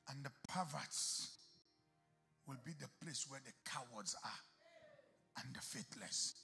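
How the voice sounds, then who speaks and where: A male pastor preaching a sermon, moving from hushed storytelling to shouted exhortation, acting out talks with God in whispers. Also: a little high, measured pace, creaky, long pauses, breathy edge, faint music behind. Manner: acts out dialogue with God in whispers. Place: church.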